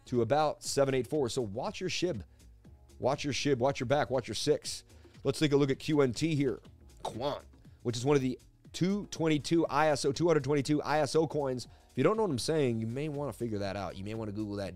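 A man hosting a casual live stream of crypto chart analysis from his seat at a desk, talking in an energetic, rambling, jokey way. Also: mid-range voice. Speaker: crypto market analyst host. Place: seated at a desk indoors.

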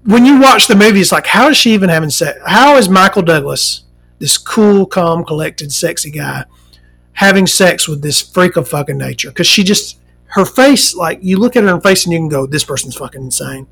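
A woman hosting a casual talk show, ranting in a profane, animated, rambling way. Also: lowish voice, moderate pace, gravelly, breathy edge.

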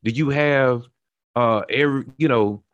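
A man's voice: medium pitch, a little slow, no echo, muffled recording. A young man hosting a casual talk show, explaining his point earnestly with everyday examples and many restarts. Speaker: podcast host. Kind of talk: casual conversational discussion.

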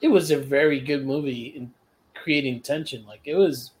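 A man's voice: mid-range voice, moderate pace, over a noisy crowd. A man co-hosting a podcast, casually retelling film endings and acting out the characters' lines. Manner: laughs while retelling plots, acts out characters' lines. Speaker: podcast co-host.

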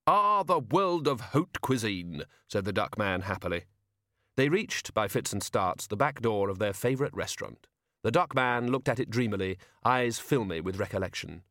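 A man reading a novel aloud as an audiobook narrator, with wry, expressive storytelling. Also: lowish voice, moderate pace, no room sound, clean studio sound. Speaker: audiobook reader. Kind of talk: scripted narration.

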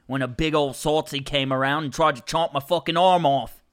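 A man's voice: on the high side, fairly even intonation, normal speed, clear, resonant tone, lightly acted. A man putting on an Australian accent as a brash, boastful bush hunter. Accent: put-on Australian.

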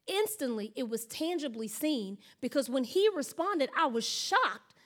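High-voiced woman preaching a sermon. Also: a little slow. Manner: animated storytelling, acting out her own thoughts, frequent laughter. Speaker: pastor.

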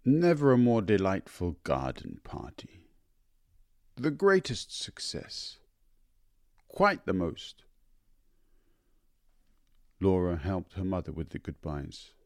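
Man, audiobook narration, measured, deep voice, dry close sound. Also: wildly swooping pitch, dry recording. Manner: measured, unhurried storytelling. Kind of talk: audiobook reading of a short story.

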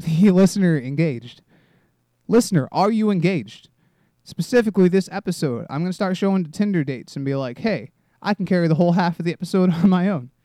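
A man's voice: a little high, warm tone, no room sound. A man in his twenties hosting a solo comedy podcast, rambling and self-deprecating, swearing often and restarting his sentences. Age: 20s. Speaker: podcast host.

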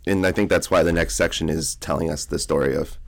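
A man's voice: rumbling low, fairly even intonation, fast, creaky. A young man in casual podcast talk, rambling through a book recap with lots of fillers. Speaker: podcast co-host.

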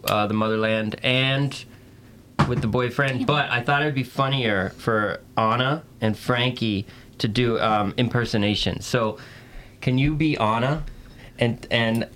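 Woman, very deep voice, faint noise, host coaxing the others, casual chat. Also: a bit bright. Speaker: podcast host steering the talk.

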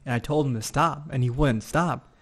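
A young man in casual conversation, recounting a childhood mishap with plenty of energy. His pitch sits in an ordinary middle range, and he slips into little voices when he quotes people. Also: normal speed. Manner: animated storyteller, acts out voices. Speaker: podcast guest. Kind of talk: casual chat, storytelling.

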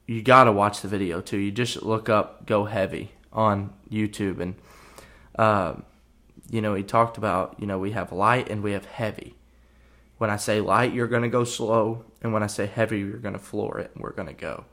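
A young man, a college football player, telling a story on his podcast in a relaxed, rambling way, full of fillers. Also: fairly low pitch, normal speed. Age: young adult. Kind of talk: casual storytelling.

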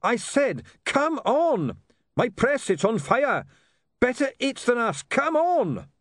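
A man's voice: mid-range voice, wildly swooping pitch, normal speed, breathy edge, no echo, studio quality, exaggerated voice. A man reading an audiobook, voicing an earnest young male reporter who talks in an urgent, raised voice. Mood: yelling. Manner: urgent, shouting.

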